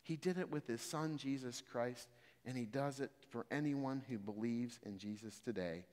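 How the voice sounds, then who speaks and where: A man preaching a sermon, moving from calm explanation of scripture to loud, emphatic exhortation. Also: mid-range voice, moderate pace. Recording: reverberant hall.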